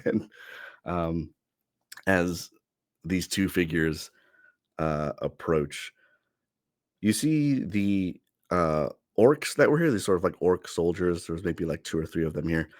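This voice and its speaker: Deep, unhurried male game master, dry close sound. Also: no room sound. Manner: relaxed, rambling with many fillers. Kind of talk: narrating a tabletop game.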